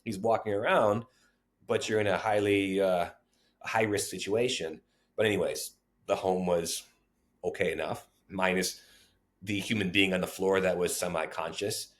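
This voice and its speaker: A man with a deep, low voice talks through memories from his years in child welfare work. He tells them in an interview, animated, and slips into the voices of the people he quotes. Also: moderate pace. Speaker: former child welfare social worker. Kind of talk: storytelling interview.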